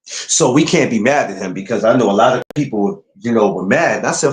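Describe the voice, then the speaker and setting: A man's voice: medium pitch, fairly quick, roomy sound. A man hosting a podcast, talking boxing in a casual, emphatic way. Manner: animated, emphatic, rising to incredulous outbursts. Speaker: podcast host.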